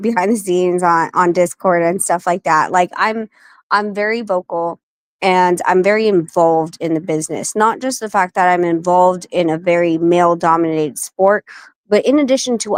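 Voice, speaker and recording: A woman in her forties, a guest on an interview show, telling animated stories and acting out the people she quotes. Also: lowish voice, no echo. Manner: animated, acts out quoted voices. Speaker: guest, wife and manager of a boxer. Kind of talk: casual interview storytelling.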